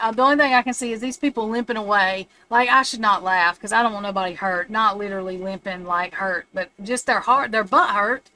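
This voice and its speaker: A woman's voice: medium pitch, brisk, few pauses, bright, forceful tone, a little hiss or hum. A woman giving a casual, rambling tarot reading on a live stream from her home. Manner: chatty, rambling, laughs at her own remarks. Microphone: streaming setup.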